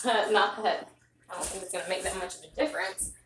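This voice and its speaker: A woman's voice: medium pitch, steady tone, fast, a crowd in the background. A young woman vlogging casually at home on her phone, chatting in a rambling way with lots of fillers, out of breath. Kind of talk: casual livestream chat. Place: home, indoors.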